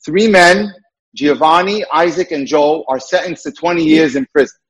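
Husky, earnest male dating mentor. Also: fairly high pitch, normal speed, low-quality recording. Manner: earnest, emphatic, repeats key points. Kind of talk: lecture-style talk.

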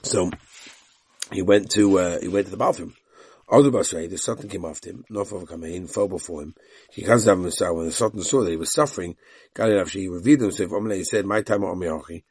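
Male Talmud teacher, low husky voice, quick delivery, reads Aramaic and retells the story in English. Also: a little mellow, dry recording. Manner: tells the story with voiced quotes of the characters.

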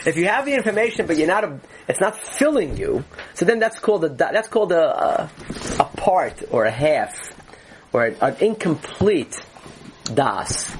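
A man's voice: on the high side, a little hiss or hum, low-quality recording. A man teaching a Torah class, earnestly explaining ideas and often restarting his phrases.

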